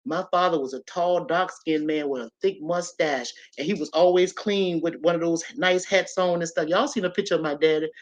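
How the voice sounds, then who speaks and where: Animated woman telling a story. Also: on the low side, moderate pace, hardly any pauses. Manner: animated, talks straight to listeners. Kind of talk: personal storytelling to an audience.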